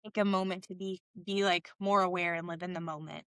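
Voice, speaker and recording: A woman's voice: lowish voice, fairly even intonation, quick pace, clear, resonant tone, no room sound, clean studio sound. A woman podcast host and mother, chatting and telling family stories in an upbeat way. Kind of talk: interview conversation.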